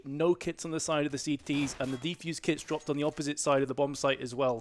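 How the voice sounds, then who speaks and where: A male esports caster rattling off play-by-play at high speed. He grows excited as the action builds. Gunfire from the game sits clearly beneath his voice. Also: quick pace, few pauses, noisy background. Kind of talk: fast live game commentary.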